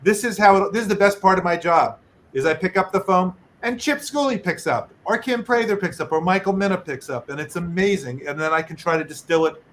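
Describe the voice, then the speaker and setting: A man's voice: high voice, fairly quick, a bit bright, a little hiss or hum. A middle-aged man, a medical correspondent co-hosting, chatting casually on a video call and reading donations aloud with joking asides.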